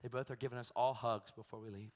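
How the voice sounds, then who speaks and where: A man preaching a sermon, telling a story with animated energy and acting out the people in it. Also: medium pitch, quick pace. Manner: animated storytelling, acts out voices, shrieks in quotes. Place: large church hall. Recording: long hall reverb.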